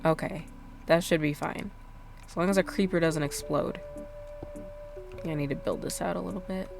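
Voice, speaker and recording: A woman's voice: lowish voice, fairly even intonation, moderate pace, gravelly, over music. A woman streamer chatting casually while she plays, rambling with lots of fillers and self-deprecating asides. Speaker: game streamer. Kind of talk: casual gameplay chat.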